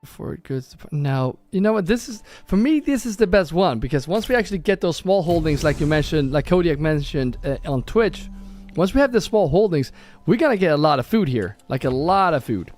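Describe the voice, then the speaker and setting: A man's voice: fairly high pitch, animated, fairly quick, a little mellow. A man casually commenting on his own gameplay on a live stream, thinking aloud and often correcting himself. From Norway. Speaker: gaming streamer. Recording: faint background music.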